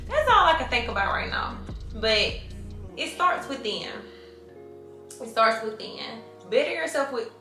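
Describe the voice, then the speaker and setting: A woman's voice: on the high side, bright, forceful tone, echoey room. A woman, telling stories in a blunt, profane, conversational Q&A vlog. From Mobile, Alabama, US. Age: 20s. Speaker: vlogger. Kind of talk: casual Q&A storytelling.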